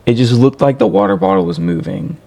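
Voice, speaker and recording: Gravelly, lively storytelling man. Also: on the high side, brisk. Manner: rambling, animated, full of fillers. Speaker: vlogger. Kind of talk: casual storytelling.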